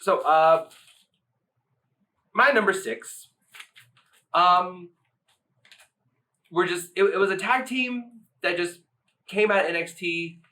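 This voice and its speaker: A man co-hosting a casual chat show, talking with lively energy, repeating words, and mimicking loud voices. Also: sits high, slow pace, long pauses, recorded from a distance. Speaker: co-host.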